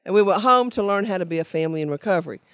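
A woman's voice: mid-range voice, lively intonation, rapid-fire, dry recording. An older woman, giving a personal testimony talk to a meeting in an earnest, emphatic storytelling way. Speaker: speaker sharing her recovery story.

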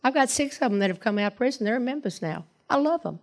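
A woman with a Southern US accent sharing her personal story at a recovery meeting, in a lively, rambling storytelling way. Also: on the high side, fast talker. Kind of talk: personal testimony to a group.

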